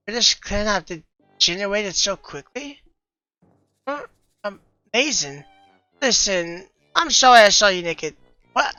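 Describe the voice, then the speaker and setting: Woman reading game dialogue, bright tone, lively and exasperated delivery, dry lo-fi recording. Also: mid-range voice, no room sound, soft background music. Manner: lively, expressive, quick to exasperation. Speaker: player reading a visual novel aloud. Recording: dull lo-fi recording.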